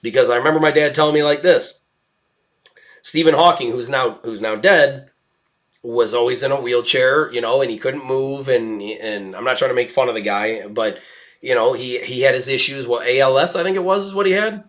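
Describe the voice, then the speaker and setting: A man's voice: mid-range voice, moderate pace, a bit bright. A young adult man hosting a podcast, talking through a casual monologue in a rambling, emphatic way with frequent restarts. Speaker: podcast host. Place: at home with his dog.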